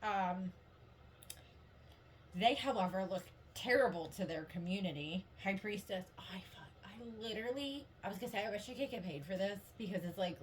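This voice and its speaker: Speaking a little fast with an expressive, medium-pitched voice, this tarot reader chats with viewers in a loose, rambling way. She laughs a lot, leans heavily on "like," and sounds encouraging, while faint hiss or hum sits under the recording.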